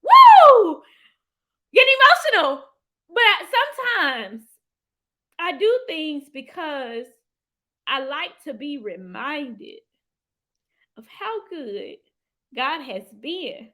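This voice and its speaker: A woman hosting a motivational live stream. She talks in an animated, heartfelt way, lets out sudden whoops and calls her viewers "y'all". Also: high voice, slow, long pauses. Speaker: livestream host and financial coach.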